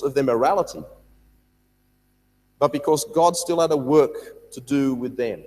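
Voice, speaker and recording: A man teaching a Bible study, reading scripture aloud and explaining it with lively emphasis and repeated words. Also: medium pitch, brisk, breathy edge, big-room sound.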